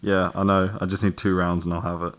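A man's voice: low-pitched, little pitch movement, quick pace, fairly bright tone. A man playing a character in a tabletop game, chatting casually and often trailing off tentatively. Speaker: player.

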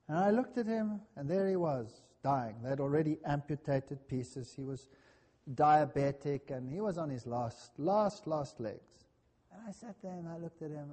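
A man preaching a sermon, telling a personal story in an earnest, dramatic way that swings between loud and hushed. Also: sits high, breathy edge, big-room sound.

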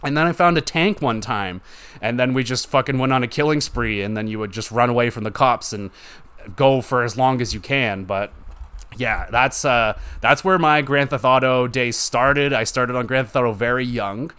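A man's voice: medium pitch, normal speed, fairly bright tone, clear, resonant tone. A young man hosting a solo gaming podcast, rambling casually with lots of swearing and "like" fillers. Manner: rambling, profane, heavy use of "like". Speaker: podcast host.

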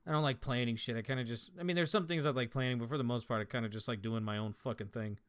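A man's voice: medium pitch, steady tone, racing, smooth. A young man from Colorado telling stories in casual podcast chat, swearing freely and laughing as he talks. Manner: profane, laughing storyteller. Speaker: podcast guest, former prison guard.

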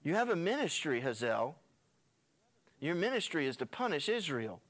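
A male pastor retelling scripture in a folksy, conversational way, full of slangy asides. His voice sits high for a man and swings widely in pitch as he tells the story. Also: very animated, moderate pace, a bit bright. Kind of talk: sermon retelling a Bible passage.

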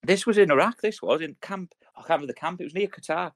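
A man in his thirties from the United Kingdom co-hosts a podcast, rattling off rambling stories packed with swearing and military slang in a casual chat. His voice is high, and there's no room sound.

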